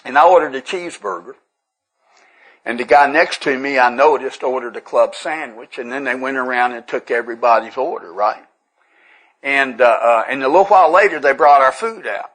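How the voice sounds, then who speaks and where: A man's voice: mid-range voice, normal speed, fairly bright tone, rough recording. Folksy Tennessee man telling stories. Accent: Southern US, Tennessee. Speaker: recovery workshop speaker. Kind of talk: folksy storytelling talk to a live group.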